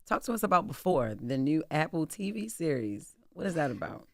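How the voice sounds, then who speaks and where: A woman's voice: deep voice, very animated, fairly quick, creaky, a little mellow, no echo. A woman hosting a radio interview, blunt and chatty with her questions. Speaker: radio host.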